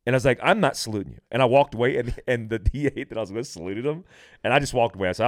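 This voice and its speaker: Middle-aged veteran guest, very low voice, dry close mic, animated and profane storyteller. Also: male voice, very fast, dry recording. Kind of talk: casual podcast conversation.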